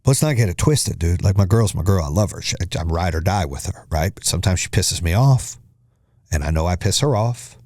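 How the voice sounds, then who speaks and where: A man's voice: deep voice, expressive, fairly quick, darkish tone, no room sound, studio quality. A middle-aged man hosting a podcast, giving blunt, profane, punchy motivational advice in a monologue. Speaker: podcast host.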